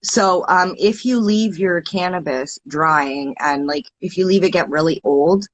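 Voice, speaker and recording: Woman, Canadian accent, lowish voice, eager explainer, casual chat. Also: measured pace. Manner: explains things in an eager teaching way. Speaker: guest podcast host.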